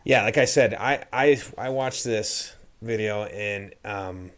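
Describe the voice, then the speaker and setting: A man's voice: on the low side, slow. A middle-aged man hosting a podcast, chatting casually and telling a rambling story with many restarts. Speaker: podcast host. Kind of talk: casual chat.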